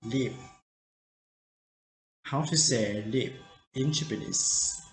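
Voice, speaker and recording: A man teaching vocabulary in a slow drill, repeating each word carefully in simple, broken phrasing. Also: medium pitch, soft background music. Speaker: language teacher. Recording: roomy echo.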